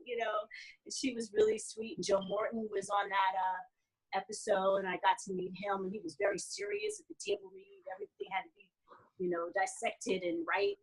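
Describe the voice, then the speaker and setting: Lively, husky-voiced actress telling stories. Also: female voice, medium pitch, normal speed, rough recording. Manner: animated storytelling with frequent laughs. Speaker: actress and guest. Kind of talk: casual interview chat.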